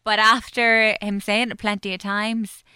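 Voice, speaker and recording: A woman chatting casually on a podcast, telling animated stories about her pet peeves. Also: medium pitch, unhurried, clean tone, dry recording, studio quality. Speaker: podcast co-host. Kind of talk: casual chat.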